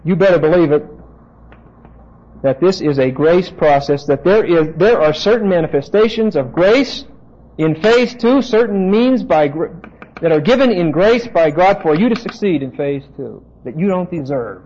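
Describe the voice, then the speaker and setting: A man's voice: on the high side, lively intonation, moderate pace, a little mellow, slightly rough. A man teaching a sermon from the Bible, insistent and emphatic, turning to his listeners with asides. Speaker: preacher. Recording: dull lo-fi tape recording.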